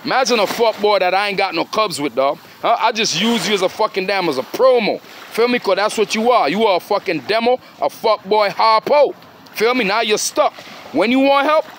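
A man's voice: high-pitched, a bit bright, slight background noise. A man delivering an aggressive, profane ranting monologue to the camera, repeating himself and calling listeners "dog". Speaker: vlogger.

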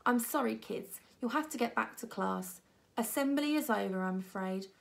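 A woman's voice: on the high side, moderate pace, gravelly. Woman voicing a kindly firm head teacher. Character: female head teacher, brisk and authoritative.

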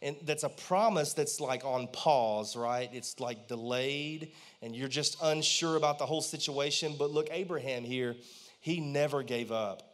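A man's voice: mid-range voice, a little slow. Pastor in his thirties, conversational preacher who keeps asking the congregation to respond. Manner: conversational and animated, asks the congregation questions. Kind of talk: sermon. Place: church.

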